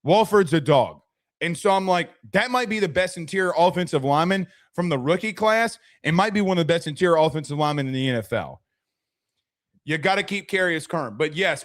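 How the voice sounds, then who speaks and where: This sports podcast host is a young man with a slightly high voice, recorded at studio quality without any room sound. He runs a chatty, casual sports talk stream, stopping to thank viewers and often starting his sentences over.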